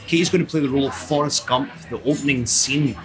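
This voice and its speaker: A man's voice: mid-range voice, fast. A man hosting a casual chat, playful and jokey, rambling a bit as he sets things up. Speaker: host.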